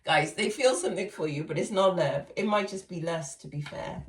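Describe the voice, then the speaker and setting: A woman's voice: fairly low pitch, normal speed. A woman doing a casual tarot reading, chatty and laughing often as she talks to her viewers. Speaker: tarot reader. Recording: echoey room, far from mic.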